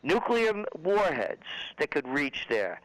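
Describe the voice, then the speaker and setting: A man, a radio guest ranting indignantly and quickly, slipping into mocking impressions. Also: a little high, very animated, rough recording. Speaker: trends forecaster guest. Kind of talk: radio phone interview.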